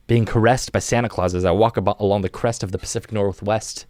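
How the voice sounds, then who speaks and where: A young man on a podcast, talking a listener through a comic mock guided meditation in a soft, drawn-out, playful way, often restarting his sentences. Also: fairly low pitch, steady tone, dry recording. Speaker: podcast guest.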